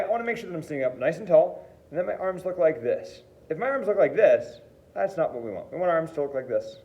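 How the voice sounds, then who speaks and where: Man, music teacher, lively swooping voice, slightly high, playful, kid-friendly lesson. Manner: upbeat, playful, counting students through exercises. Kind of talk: friendly instructional lesson for kids.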